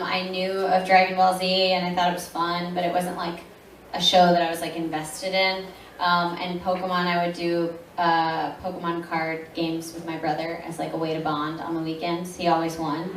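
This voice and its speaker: A woman's voice: on the low side, slight background noise. A woman in her thirties, a voice actress telling stories at a convention panel and acting out the lines she quotes. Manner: animated storyteller acting out quoted dialogue, laughs often. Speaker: voice actress answering fan questions at a convention panel. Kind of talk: casual panel Q&A storytelling. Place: large convention panel room. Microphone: audience camera recording from the seats. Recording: echoey room recorded from far off.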